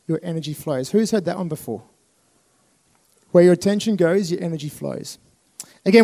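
An Australian man in his thirties giving a motivational talk to a live audience, telling animated stories with laughs and acted-out voices. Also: high voice. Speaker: speaker.

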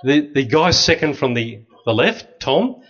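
A middle-aged man, a priest, telling lively stories with dry humor to an audience. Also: medium pitch, unhurried, soft background music. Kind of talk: storytelling talk to an audience. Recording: slightly dull lo-fi recording.

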